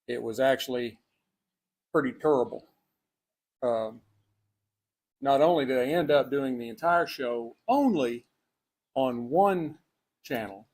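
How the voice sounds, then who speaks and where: Texan man, slow and gravelly. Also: medium pitch, darkish tone. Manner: rambling, full of fillers and restarts. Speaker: cigar and spirits show host. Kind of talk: casual livestream chat. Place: outdoors on a breezy day.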